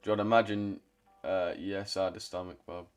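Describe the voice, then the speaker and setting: A young man with a London accent talks casually to his livestream chat, blunt and full of slang. His voice sits a little low, and he swears freely as he answers viewers. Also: flat delivery, fast, smooth, faint music behind. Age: 20s. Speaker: trading streamer.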